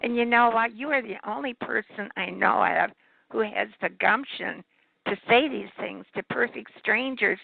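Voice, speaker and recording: A woman's voice: on the high side, normal speed, gravelly, breathy edge, no room sound. A woman guest on a talk show who agrees and praises the host in casual conversation. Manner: agreeable, admiring listener. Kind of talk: casual chat. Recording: tinny phone line, dry.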